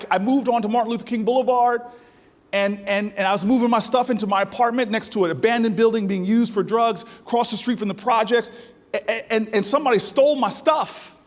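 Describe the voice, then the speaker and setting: Guy with a really high voice giving a big fired-up speech, long hall echo. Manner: preacherly, building to soaring emphasis. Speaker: keynote speaker. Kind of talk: stirring conference speech. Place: large conference hall. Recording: long reverb of a large hall.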